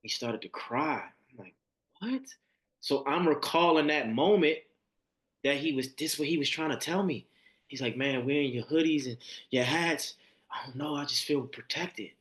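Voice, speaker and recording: A man who is a podcast guest, telling a personal story in conversation and acting out the quotes, moving between a hushed voice and high, excited bursts. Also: moderate pace.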